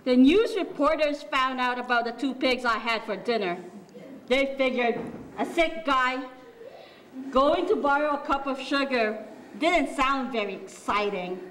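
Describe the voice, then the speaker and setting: A woman's voice: high-pitched, unhurried, fairly bright tone, a little hiss or hum, low-quality recording. A woman reading aloud as an aggrieved male wolf who insists he is innocent, in an indignant, self-justifying way. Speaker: library storyteller. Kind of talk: reading a picture book aloud.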